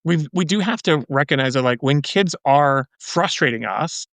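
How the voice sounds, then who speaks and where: A man's voice: a little high, lively intonation, normal speed, creaky, fairly bright tone, no room sound. A man speaking as a podcast guest in casual conversation, earnest and loose, with frequent fillers and restarts.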